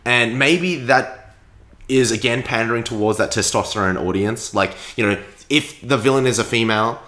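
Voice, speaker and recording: A man's voice: medium pitch, moderate pace, sharp tone. A young man chatting casually about a film he is reviewing, hesitant and full of fillers and restarts. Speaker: podcast co-host reviewing a film.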